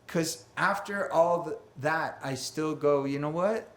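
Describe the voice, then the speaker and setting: Speaking slowly in a high-leaning, slightly bright voice, a pastor gives a conversational sermon in a church sanctuary whose echo fills the recording. He is chatty and pokes fun at himself, performing quoted voices along the way.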